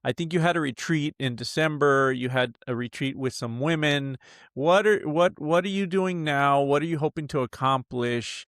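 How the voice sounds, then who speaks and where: A man's voice: a little high, moderate pace, a bit bright, no room sound, studio quality. A man hosting a podcast, asking a guest open questions and prompting her to tell her story. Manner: prompting, repeats phrases to draw out a story. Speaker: podcast host. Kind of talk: interview questions.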